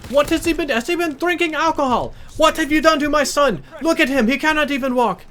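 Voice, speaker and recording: A man's voice: a little fast, slight background noise. A man imitating an angry middle-aged mother with an Indian accent, scolding shrilly. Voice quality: shrill, high, shouting.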